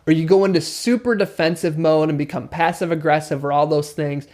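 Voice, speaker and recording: A man with a slightly raised pitch talks through negotiation advice as host of his own show. He breaks into quick acted exchanges, voicing both sides of a conversation to show how it sounds. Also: a little mellow. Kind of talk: explaining negotiation tips to camera.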